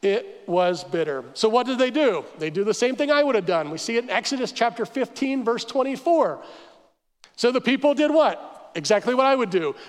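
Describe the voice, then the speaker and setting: High-voiced male pastor in a reverberant hall. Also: normal speed. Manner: animated storytelling, acting out voices of the crowd. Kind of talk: sermon.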